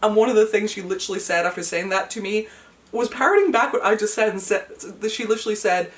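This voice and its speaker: A woman's voice: medium pitch, lively intonation, fast, far from the mic. Emotional chatty woman vlogging. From United Kingdom. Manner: chatty, emotional, many fillers, laughs through hard moments. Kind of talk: casual chat to camera. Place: at home, indoors.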